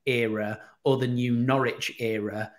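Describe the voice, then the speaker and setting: This unhurried, mid-range male voice belongs to a chatty storyteller from Teesside, England. A radio presenter and podcast guest, he shares casual anecdotes with animation, performing the voices of the people he quotes.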